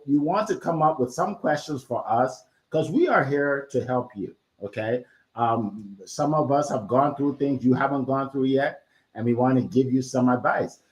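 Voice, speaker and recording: A man hosts a live online panel over a video call, with a mid-range voice. He talks with upbeat energy and fills the gaps with plenty of fillers. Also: mid-range voice. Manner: energetic, filler-heavy welcomes. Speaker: host.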